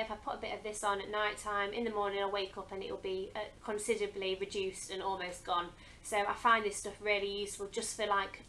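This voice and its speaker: A woman's voice: medium pitch, a bit bright, a little hiss or hum, low-quality recording. A young woman talking casually to camera as a vlogger, chatty and earnest, with frequent hesitant ums. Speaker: beauty vlogger. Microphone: camera mic.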